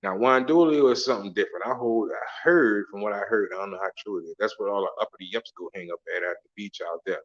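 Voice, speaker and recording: A man's voice: fairly low pitch, fast, few pauses. Profane man talking to camera, lo-fi. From Southern United States. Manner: profane, slangy, laughing storyteller. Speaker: travel vlogger. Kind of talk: casual monologue to camera.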